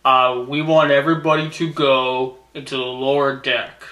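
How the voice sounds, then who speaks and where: A man imitating a calm male ship announcer, speaking slowly and flatly in a soothing monotone. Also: medium pitch, roomy sound, lightly acted.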